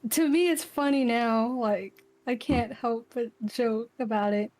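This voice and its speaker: Chatty woman player, slightly high voice. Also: unhurried, darkish tone. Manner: rambling, filler-heavy, laughs easily. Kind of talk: casual tabletop role-play.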